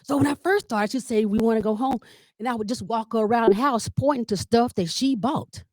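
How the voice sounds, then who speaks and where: A woman comedian and family caregiver leading a workshop, telling stories with humor and talking straight to her audience, often jumping up in pitch to act out what people said. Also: a little fast, no room sound, clean studio sound. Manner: lively storyteller who addresses the audience directly; acts out quoted dialogue with big pitch jumps.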